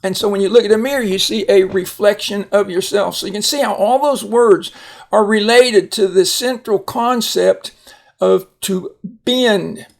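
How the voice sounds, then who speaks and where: A man teaches a recorded phonics lesson at a very slow, patient pace. His voice is gravelly, and he often stops to restart words and fill pauses. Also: sits high.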